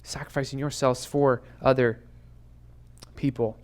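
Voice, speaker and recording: A man's voice: mid-range voice, fairly even intonation, unhurried. A young adult man preaching to students, earnest and urgent, who keeps repeating rhetorical questions. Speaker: youth pastor. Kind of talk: sermon to students. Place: church youth room.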